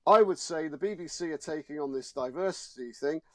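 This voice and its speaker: In a studio discussion, a male showbiz journalist guest argues his point emphatically and indignantly, repeating words. His voice is fairly high, a little fast and a bit bright, with no echo.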